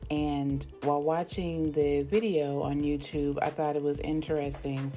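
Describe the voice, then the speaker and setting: A woman's voice: low voice, flat delivery, a little slow, dark tone, faint music behind. A woman hosting a podcast, talking casually and informally to her listeners and often checking in with "right?". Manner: chatty, keeps checking in with "right?"; addresses listeners directly, informal. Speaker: podcast host. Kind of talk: casual spiritual talk.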